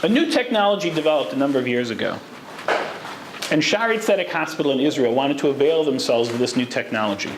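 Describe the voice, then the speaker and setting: A man's voice: mid-range voice, animated, fast talker. Man lecturing in an echoey room. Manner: storytelling, Hebrew terms woven in. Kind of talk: lecture on Jewish law. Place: lecture hall with audience. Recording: echoey room, faint background noise.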